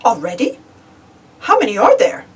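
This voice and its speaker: A woman voicing a jolly, doubtful father pig in a lower, softer fatherly voice, recorded from a distance. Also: wildly swooping pitch, normal speed, slightly rough, exaggerated voice.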